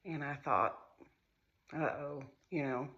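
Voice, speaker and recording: A mother recounting a painful family crisis in a halting, emotional way. She often repeats her phrases as she tells the story. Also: deep voice, a bit bright, highs cut off. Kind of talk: personal storytelling to camera.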